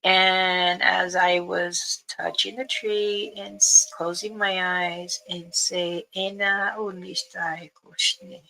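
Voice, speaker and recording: A woman, a spiritual elder, telling a story in casual spoken style, unhurried, pausing and restarting. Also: lowish voice, vocal fry, sharp tone, low-quality recording.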